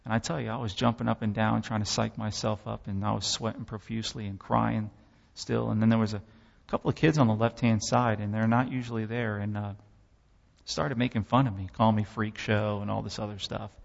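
A man's voice: fairly low pitch, little pitch movement, fairly quick, gravelly, dull audio. Impassioned man preaching in an echoing hall. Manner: impassioned storytelling with dramatic swells. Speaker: preacher giving testimony. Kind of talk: sermon testimony.

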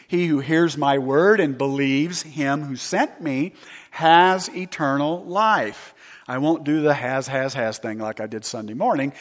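A man delivers a sermon as pastor in a somewhat high voice, animated and quick to toss rhetorical questions at the congregation. His voice rings with a long hall reverb. The recording sounds dull and muffled.

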